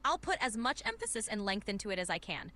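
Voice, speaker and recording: A synthetic woman's voice acting as an AI voice assistant, polite, upbeat and accommodating, answering requests with cheerful replies and stretched shouted vowels. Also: mid-range voice, sing-song, fast talker, a little hiss or hum.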